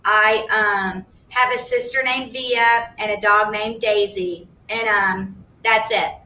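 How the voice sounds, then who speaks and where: Shy mumbling boy, hesitant, played by a woman reader, bright, roomy. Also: fairly even intonation, slow pace. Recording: echoey room, distant mic, faint rumble.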